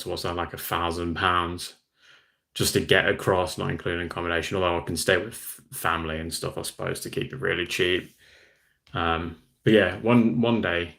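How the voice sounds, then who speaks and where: A young Western Australian host chats easily on a casual livestream, reading and answering what viewers write. His voice sits low, creaky yet fairly bright, with a level tone at normal speed.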